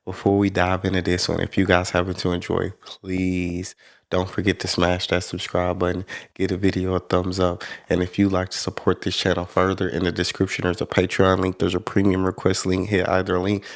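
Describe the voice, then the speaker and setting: Deep, gravelly American reaction host. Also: male voice, monotone, normal speed. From United States. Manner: laid-back, chuckling, talks back to the clip. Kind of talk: casual reaction commentary.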